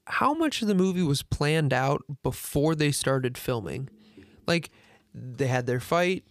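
A man's voice: fairly high pitch, animated, a little slow, dry recording. A man co-hosting a podcast, rambling in casual chat and sounding exasperated about a film's flaws, with many restarts. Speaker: podcast co-host. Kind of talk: casual movie review chat.

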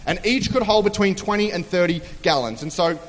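High-voiced preacher in a reverberant hall. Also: male voice, lively intonation, a little fast. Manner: chatty storytelling with acted-out quotes. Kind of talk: humorous sermon.

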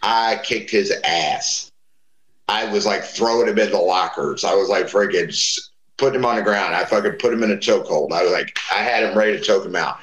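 A man's voice: deep voice, fairly quick, fairly bright tone, roomy sound, poor audio. A man casually telling profane wrestling stories, acting out the voices of people he quotes. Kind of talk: casual storytelling chat.

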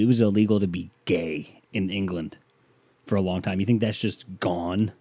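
A man's voice: on the low side, fairly even intonation, normal speed, mellow, dry recording. A man from the United States hosting a podcast, talking in a rambling, sarcastic monologue into a close mic. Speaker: podcast host.

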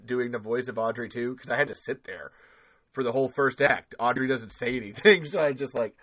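A man's voice: medium pitch, fairly quick, fairly bright tone, no echo. A young man hosting a podcast, chatting casually and rambling onto tangents with lots of laughter. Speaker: podcast host. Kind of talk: casual chat.

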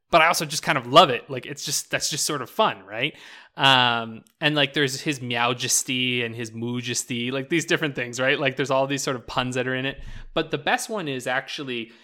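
Bright-voiced man chatting animatedly. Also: mid-range voice. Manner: animated, lots of "like" and "right?" fillers, laughs while talking. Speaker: podcast co-host. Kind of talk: casual chat.

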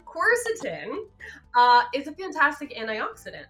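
A woman with a bright, forceful voice explains health topics in a chatty, easygoing way, stopping often with fillers. She sounds like a guest doctor on a live web show. Soft music plays faintly underneath. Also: on the low side, normal speed. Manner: chatty and explanatory, laughs easily, many fillers.

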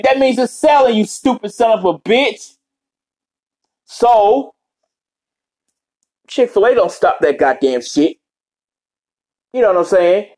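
A man's voice: very high-pitched, animated, unhurried, pauses often, darkish tone. A man ranting casually as a vlogger, swearing heavily and rambling off on tangents. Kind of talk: casual rant.

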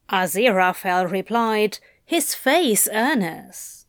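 A woman reading fan fiction aloud in a measured, expressive way. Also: mid-range voice, no echo, studio quality.

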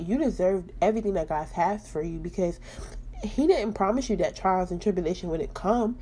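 A woman's voice: lowish voice, moderate pace, mellow, slightly rough. A young woman hosting her own podcast, talking candidly and emphatically about her faith and personal life. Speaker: podcast host.

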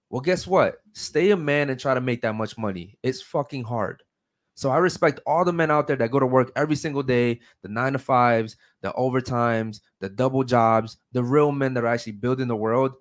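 A man hosting a podcast in a blunt, combative way. He swears often and presses his guests with pointed questions. His voice sits at an ordinary pitch for a man. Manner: blunt, confrontational, profane. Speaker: podcast host. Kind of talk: heated podcast debate.

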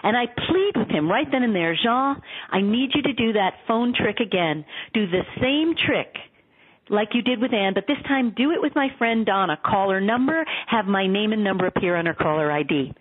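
A woman author telling stories in an earnest, animated way in a radio interview. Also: medium pitch, moderate pace, slightly rough. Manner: earnest, animated storytelling with quoted dialogue. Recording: tinny phone line.

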